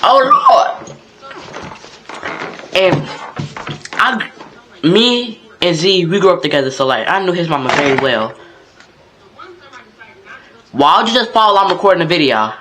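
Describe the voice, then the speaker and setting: A man's voice: a little high, sing-song, normal speed, pauses often, music in the background, rough recording. A young man from North Carolina, telling a story in a laid-back, conversational vlog style. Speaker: vlogger.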